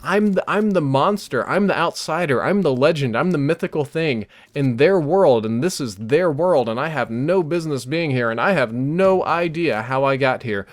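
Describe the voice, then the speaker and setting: A man's voice: a little high, moderate pace, few pauses. Man telling a dream story. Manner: animated, breathless storytelling with restarts. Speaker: gaming YouTuber. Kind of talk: dream story told over gameplay.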